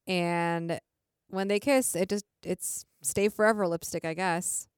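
Relaxed young woman podcast co-host. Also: lowish voice, a little slow, clear, resonant tone, no echo, clean studio sound. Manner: relaxed, trailing off, stumbling over words. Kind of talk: casual chat.

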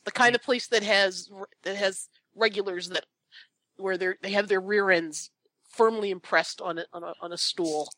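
A woman playing a tabletop role-playing game, describing places in a hesitant, halting way with frequent restarts. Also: mid-range voice, fairly even intonation, bright, forceful tone, no echo. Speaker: player. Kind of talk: casual tabletop play.

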